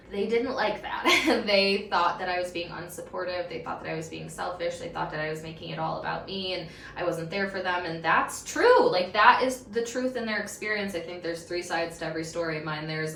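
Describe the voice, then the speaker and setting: A young woman hosting a podcast, telling a personal story in a candid, emotional way. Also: on the low side. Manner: candid, emotional, animated retelling. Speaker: podcast host. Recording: roomy echo, slightly distant mic, faint background noise.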